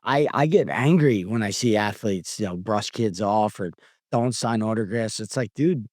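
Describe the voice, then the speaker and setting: A man's voice: fairly low pitch, normal speed, darkish tone, no room sound, studio quality. A man, a podcast guest talking candidly and reflectively about feeling lucky, full of "like" and "dude" and restarts. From Philadelphia. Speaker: guest, former pro fighter.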